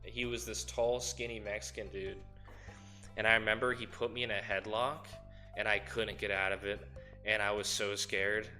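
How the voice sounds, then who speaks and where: A man's voice: lowish voice, level tone, normal speed, sharp tone, soft background music. A man co-hosting a live game stream, chatting casually with profane, mock-outraged banter toward chat and his friend. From United States. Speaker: streamer co-host.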